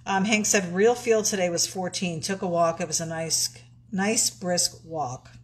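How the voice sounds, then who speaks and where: A woman's voice: lowish voice, a little slow, a little hiss or hum, poor audio. A woman co-hosting a casual live stream, reading viewer comments aloud and laughing often.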